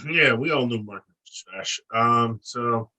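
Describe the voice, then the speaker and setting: A man with a very bright, sharp voice, co-hosting a casual chat show. He rants bluntly and crudely, with plenty of profanity and animated dismissals. His pitch sits in a middle range. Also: slow, low-quality recording. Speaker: podcast co-host.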